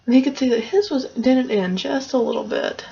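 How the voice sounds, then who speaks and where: A woman with a fairly high, husky voice retells a fairy tale in a loose, chatty way. The recording is muffled and lo-fi. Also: moderate pace, dark tone. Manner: loose, conversational retelling with fillers. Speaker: storyteller. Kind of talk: casual story retelling. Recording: dull lo-fi recording.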